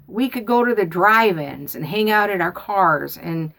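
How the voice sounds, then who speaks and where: A woman tells a homespun story in a rambling, folksy style, circling back and repeating herself. Her voice carries a steady gravelly fry at a middle pitch. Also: measured pace. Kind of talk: casual storytelling.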